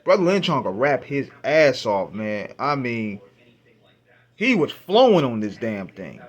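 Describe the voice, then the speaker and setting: A man hosting a radio show, casually retelling his first listen to an album, with an animated, profane, laughing delivery. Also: medium pitch, measured pace. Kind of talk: casual storytelling album review.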